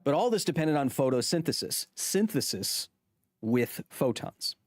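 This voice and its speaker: A man's voice: mid-range voice, big pitch swings, darkish tone, no echo, faint music behind. A man hosting a science livestream, chatting casually and joking with his viewers. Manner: jokey, talks to chat, quick asides.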